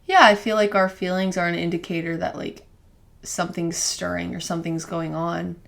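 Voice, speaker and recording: A woman's voice: on the low side, little pitch movement, moderate pace, creaky, fairly bright tone. A young woman co-hosting a podcast, talking through her feelings in casual, rambling chat full of "like" fillers. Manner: rambling, heavy use of "like" fillers; earnest, openly emotional self-reflection. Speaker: podcast co-host.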